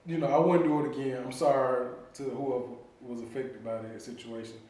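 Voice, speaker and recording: A man's voice: medium pitch, brisk, far from the mic. Laughing man telling a story in an echoey room. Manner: laughing often, relaxed chatty storytelling. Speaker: family vlogger. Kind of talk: casual storytelling.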